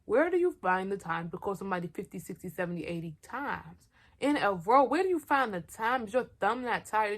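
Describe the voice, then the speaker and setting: A young woman telling a personal story in a storytime vlog, candid and slangy, talking straight to her viewers and poking fun at herself. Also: medium pitch. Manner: blunt and self-mocking. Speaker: vlogger.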